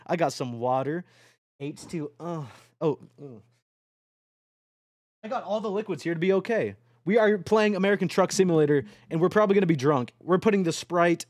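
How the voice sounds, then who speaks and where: Excitable young man with a high voice. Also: fairly quick, dry recording, clean studio sound. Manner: rambling, excitable, swears a lot. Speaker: streamer. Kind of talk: late-night casual stream chat.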